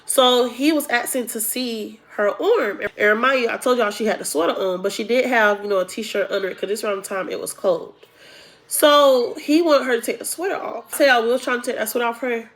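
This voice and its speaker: A woman's voice: a little high, a little fast. A young woman telling a personal story to her viewers in a casual, chatty way, talking to them as y'all. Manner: chatty, addresses viewers as y'all, acts out quotes. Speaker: storytime vlogger.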